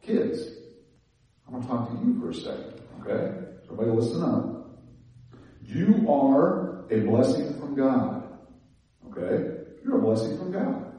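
A man preaching a sermon in a conversational, animated way, laughing and restarting as he talks. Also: medium pitch, unhurried, pauses often, very echoey, distant mic, dull audio. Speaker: pastor.

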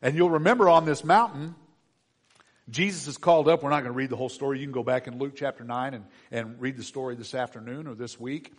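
A middle-aged man preaching a conversational sermon as pastor, with soft asides and gentle quoted lines. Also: medium pitch, fast talker. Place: church sanctuary. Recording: long hall reverb.

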